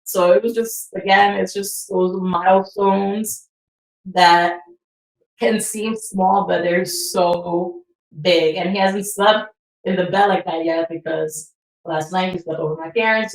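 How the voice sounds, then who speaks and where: A woman's voice: fairly low pitch, unhurried, roomy sound, far from the mic, low-quality recording. A woman in her thirties co-hosting a podcast, talking casually and swearing easily. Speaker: podcast co-host. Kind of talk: casual chat.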